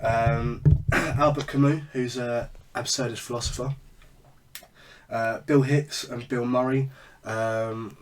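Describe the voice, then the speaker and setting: A man's voice: mid-range voice, flat delivery, slow pace, distant mic, slight background noise. A man co-hosting a casual podcast chat, rambling with lots of fillers and restarts. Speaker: podcast co-host.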